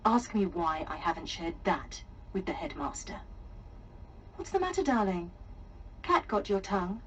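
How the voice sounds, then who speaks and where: A woman's voice: fairly low pitch, very animated, moderate pace, a bit bright, recorded from a distance, slight background noise, low-quality recording. An actress playing a sly woman who mocks and needles her rival with theatrical sarcasm. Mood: taunting. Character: mocking, sly woman radio host.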